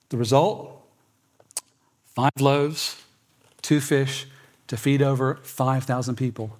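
A man preaching a sermon, emphatic, swinging between loud and soft and often repeating words. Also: mid-range voice, steady tone, slow pace, pauses often. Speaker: pastor.

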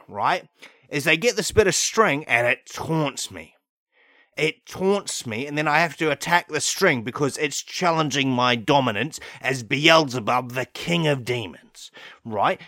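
A man's voice: a little high, a bit bright, no echo. A man voicing an indignant male demon king who keeps getting treated like a cat, ranting and asking "right?" over and over. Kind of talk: improvised comic monologue.

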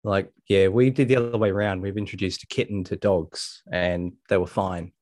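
A man's voice: low voice, steady tone, normal speed, darkish tone, no echo, clean studio sound. A laid-back man chatting and joking, swearing casually. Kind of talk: casual chat.

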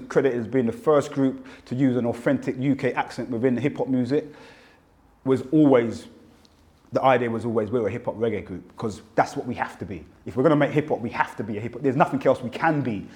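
London-accented man, animated storyteller. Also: mid-range voice. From England. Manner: animated storyteller, acts out quotes. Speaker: interviewee, rapper. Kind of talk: reflective interview talk.

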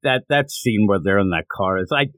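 A man from Pennsylvania, co-hosting a casual podcast about manga. He acts out characters' lines in quick put-on voices. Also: on the low side, fairly bright tone, dry recording. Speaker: podcast co-host.

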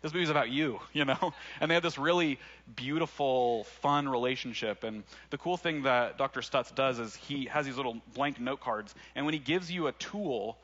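A man's voice: mid-range voice, moderate pace, a bit bright, muffled recording. A young man from Arkansas, preaching a sermon in a casual, conversational way with laughing asides. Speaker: pastor.

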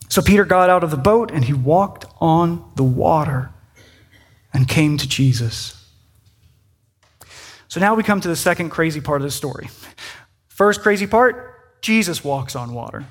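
A man with a high, light voice delivers a sermon from the pulpit. He reads scripture slowly and deliberately, then drops into loose, conversational asides. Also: expressive. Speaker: pastor.

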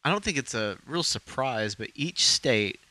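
A man's voice: mid-range voice, moderate pace, no room sound. A man from Arkansas co-hosting a podcast, chatting casually and rambling with lots of ums. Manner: relaxed, rambling with many ums. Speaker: podcast co-host. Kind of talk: casual chat.

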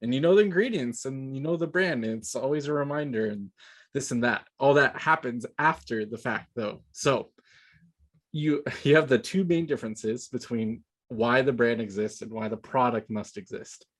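A man's voice: medium pitch, normal speed. Easygoing male podcast host. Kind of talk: casual podcast interview.

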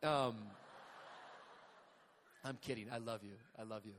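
A male pastor praying and preaching in a church, energetic and humorous, calling out to the congregation. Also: medium pitch, measured pace. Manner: energetic, humorous, calls to the crowd. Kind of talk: sermon with storytelling. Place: church sanctuary. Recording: long hall reverb.

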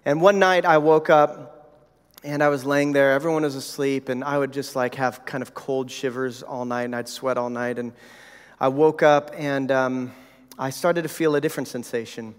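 A man's voice: mid-range voice, fairly even intonation, moderate pace, smooth. Man preaching in a reverberant hall. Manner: storytelling, conversational with many fillers. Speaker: pastor. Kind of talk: sermon. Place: church hall.

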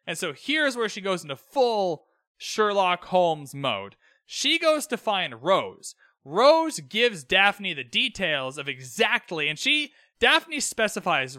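Young male solo podcast host, animated and earnest. Voice is high and very bright, with dry, close sound. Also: no echo. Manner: animated, earnest, retells scenes with quoted voices. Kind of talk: solo episode recap podcast. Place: room, alone.

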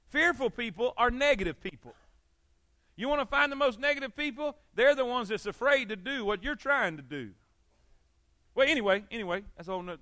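A preacher man with a high, ringing voice leads an evening church sermon. He talks in a folksy, repetitive way and keeps calling for amens. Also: sharp tone, no echo, clean studio sound. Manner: folksy, repeats phrases, calls for amens. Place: church service.

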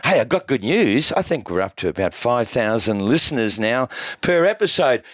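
A man's voice: mid-range voice, very animated, normal speed, no echo. A man hosting a casual podcast interview, chatty and prone to laughing and telling stories. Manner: chatty, laughs often, storytelling. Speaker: podcast host.

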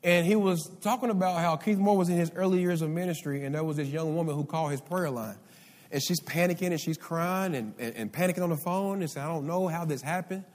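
A man's voice: a little high, fast talker, darkish tone. A male pastor preaching a sermon, calling out for responses from the congregation. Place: church sanctuary. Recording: live hall reverb.

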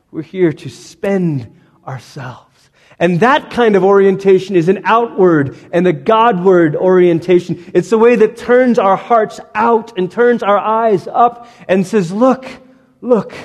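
A male pastor preaching a sermon, dramatic, acting out the voices he quotes. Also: high voice. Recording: long hall reverb.

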